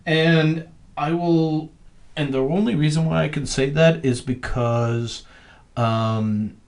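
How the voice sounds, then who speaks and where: A man co-hosting a podcast in casual chat, telling stories in a rambling, animated way with lots of fillers. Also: a little high, slow pace. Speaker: podcast co-host.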